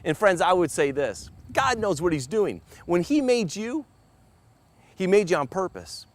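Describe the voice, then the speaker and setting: A high-voiced man preaches a personal sermon. He speaks earnestly, stumbling and repeating small words as he goes. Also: very animated, measured pace, dry recording. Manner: earnest, stammering repetitions.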